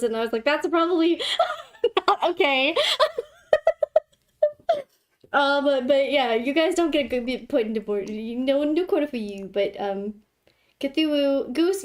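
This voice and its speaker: A young woman with a high voice hosts a casual livestream and chats with her viewers. She talks in a giggly, theatrical way and playfully scolds people in the chat. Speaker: livestream host.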